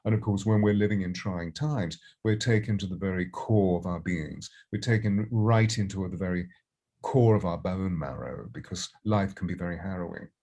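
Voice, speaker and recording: Low-voiced, expansive older voice coach. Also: male voice, moderate pace. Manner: warm, expansive, reflective. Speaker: voice and presence coach. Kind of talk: interview answers.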